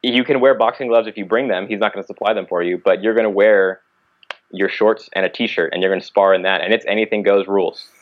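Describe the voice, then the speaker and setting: Low male voice, lively storyteller, slightly dull recording. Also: fast. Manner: animated, acts out quoted dialogue. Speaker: podcast guest, martial artist. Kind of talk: casual storytelling.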